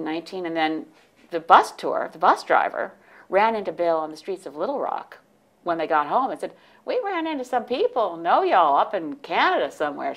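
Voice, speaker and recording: A woman in her sixties, originally from the United States, telling lively anecdotes as an interview guest, often restarting her sentences. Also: low voice, creaky. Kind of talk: casual interview storytelling.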